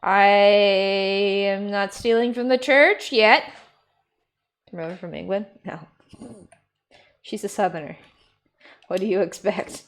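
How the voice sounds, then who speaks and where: A woman's voice: medium pitch, takes it slowly, long pauses. A woman streaming a game and chatting casually and playfully with viewers, laughing often; her first language is German. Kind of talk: casual gameplay commentary.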